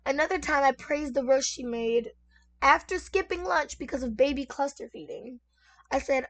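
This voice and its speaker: Chatty high-voiced woman reading stories. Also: normal speed, fairly bright tone. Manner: chatty, talks straight to viewers with many asides. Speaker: content creator reading online stories. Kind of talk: casual story reading and reacting. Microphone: desk microphone at lowered sensitivity.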